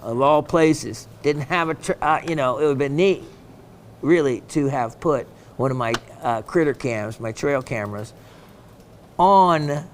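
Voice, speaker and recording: A man's voice: on the high side, unhurried, a little hiss or hum. A man hosting a gem shopping show, chatting casually and reading viewer messages aloud, with plenty of ums and uhs.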